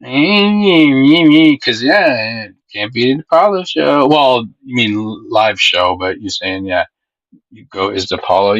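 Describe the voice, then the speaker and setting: Reading viewer comments on a live stream, this man chats casually, wanders off on tangents, gets worked up, and curses without restraint. He has a mid-range voice, and the dry recording has its highs cut off.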